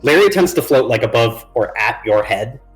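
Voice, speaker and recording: A man's voice: mid-range voice, expressive, normal speed. Rambling game master man, faint music. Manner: loose, rambling description full of "like" and restarts. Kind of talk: narrating a tabletop game on a live stream.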